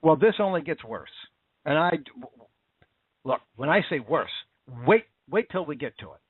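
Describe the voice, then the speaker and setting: A man with a high voice delivers indignant, impassioned talk-show commentary, repeating himself for emphasis. The sound is dry and close, squeezed through a narrow, phone-like band. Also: sing-song, normal speed, breathy edge, dry recording. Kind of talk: casual political commentary. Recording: tinny phone-like line.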